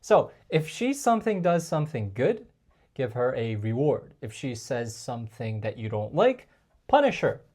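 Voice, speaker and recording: A man coaching male viewers on dating in a casual, chatty talk to camera, often calling them guys and filling pauses with like and um. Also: mid-range voice, big pitch swings, darkish tone. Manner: chatty, addresses viewers as guys, frequent fillers.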